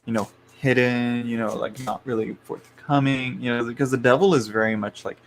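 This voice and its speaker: A man's voice: mid-range voice, steady tone, a little fast, slight background noise. A man hosting a live tarot reading stream, rambling along with lots of fillers and restarts and frequent chuckles.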